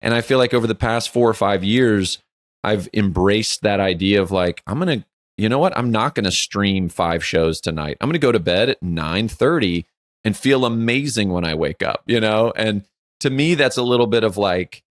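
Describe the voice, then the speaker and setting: Telling stories on a podcast he co-hosts, a man in his forties chats casually, acting out quotes with animation and leaning often on the filler "like." He speaks on the low side at normal speed, in studio quality with no room sound.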